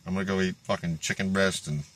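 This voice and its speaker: Profane ranting man, bright and forceful. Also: deep voice, steady tone, quick pace. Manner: heated, swearing, mocking, laughs between lines. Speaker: fitness vlogger. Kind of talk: profane rant.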